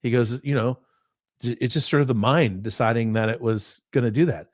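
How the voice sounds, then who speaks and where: Male podcast host from Pennsylvania, mid-pitched, emphatic storyteller, dry close sound. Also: a little fast, no room sound. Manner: animated storyteller, repeats words for emphasis. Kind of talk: casual conversational commentary.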